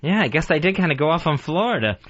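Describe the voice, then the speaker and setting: A man's voice: fairly high pitch, very animated, fast talker, a bit bright, muffled recording. A man co-hosting a talk radio show, sheepish and mild as he explains himself. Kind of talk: casual talk radio banter.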